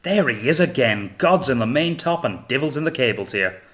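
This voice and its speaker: A man's voice: fairly low pitch, fairly quick, fairly bright tone, lightly acted. A man voicing a frail, simple-minded male sailor who speaks in an apologetic, rustic way. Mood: excited.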